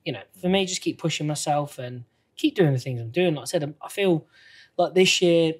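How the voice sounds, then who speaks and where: A man, a professional golfer, reflecting in a relaxed podcast chat, leaning often on "you know". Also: fairly high pitch. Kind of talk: casual chat.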